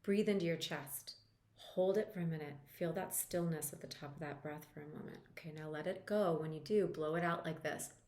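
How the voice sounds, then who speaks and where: A woman with a lowish voice leads a guided tapping lesson, calm and reassuring as she walks the listener step by step. The sound carries a roomy echo. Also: brisk. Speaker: EFT practitioner and coach.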